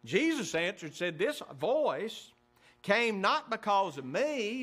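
A pastor delivers his sermon in a fairly high, bright, forceful voice. He keeps tossing rhetorical questions to the congregation and reads scripture aloud in old-fashioned wording, pushing his emphasis up as he goes. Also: big pitch swings, slow.

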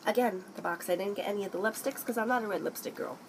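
A young woman chatting excitedly through a makeup haul, often breaking into snippets of song and playful put-on accents. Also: medium pitch, fast talker, noisy background. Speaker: beauty vlogger. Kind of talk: casual makeup haul chat.

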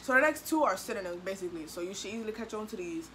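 Young woman from the dmv, breaking down slang casually, jumps way up high when she quotes people, bit of background hiss. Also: animated, rapid-fire, fairly bright tone, poor audio. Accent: DMV Black American English. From DMV area, US. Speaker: host explaining slang. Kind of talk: casual chat.

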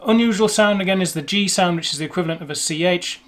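A man's voice: high-pitched, quick pace, few pauses, a bit bright. Chatty Englishman explaining pronunciation. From England. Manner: chatty, rambling, self-correcting. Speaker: language video host. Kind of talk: explaining to camera.

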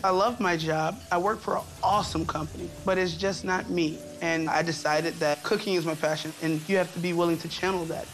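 A woman in her thirties from Atlanta, a cooking contestant talking with eager high energy. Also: fairly even intonation, fairly quick, hardly any pauses, a little hiss or hum. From Atlanta, USA. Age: 30s. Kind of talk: excited confessional interview. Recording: music bed under speech.

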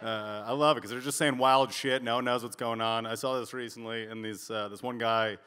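A man's voice: mid-range voice, fairly quick, clean tone, long reverb tail. A young man doing a stand-up comedy set on a club stage, telling stories in a brash, profane way into a handheld mic. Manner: brash, profane, animated storytelling.

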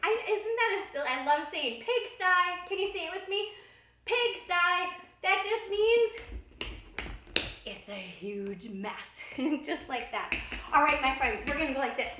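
Upbeat high-voiced woman teaching kids' dance. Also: big pitch swings, a little slow, noisy background. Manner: upbeat, encouraging, counting out steps. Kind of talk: children's dance lesson. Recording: roomy, distant, loud music behind.

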